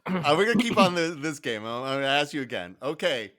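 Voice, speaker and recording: A man's voice: fairly high pitch, big pitch swings, fast, a bit bright, no room sound, studio quality. A man from Detroit co-hosting a podcast in casual chat, telling anecdotes emphatically and laughing as he goes. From Detroit, United States.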